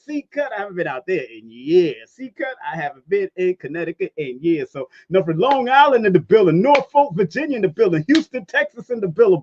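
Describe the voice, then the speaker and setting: Hyped-up high-voiced man hosting a livestream. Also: very animated, brisk, few pauses, lo-fi sound. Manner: hype, playful shout-outs with sound effects. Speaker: livestream host. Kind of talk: casual live-stream chat. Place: Brooklyn, New York.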